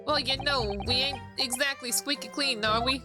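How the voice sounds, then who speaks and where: A woman doing a shifty young London street thug, high-pitched and cheeky, with a thick Cockney accent and a slangy, wheedling patter. Game music plays underneath the voice. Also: steady tone, normal speed, close to an everyday voice. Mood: sheepish. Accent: Cockney, put on. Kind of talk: video game voice acting on a stream. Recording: background music.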